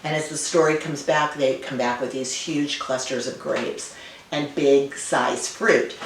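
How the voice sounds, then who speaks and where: A woman winemaker being interviewed, telling stories and remembering in a warm, conversational way. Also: a bass voice, fairly even intonation, unhurried. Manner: warm storytelling, reminiscent. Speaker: winemaker guest. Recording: roomy, distant, faint noise.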